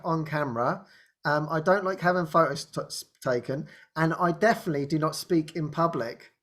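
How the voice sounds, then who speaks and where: A man hosting a spiritual group talk, often restarting his sentences, laughing and acting out quoted speech. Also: sits high. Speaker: host.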